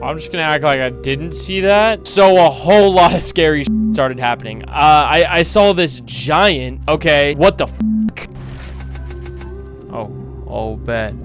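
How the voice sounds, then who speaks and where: A young man commentating and narrating a horror game, excitable and slangy, swearing often. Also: fairly high pitch, unhurried, over music. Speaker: gaming YouTuber.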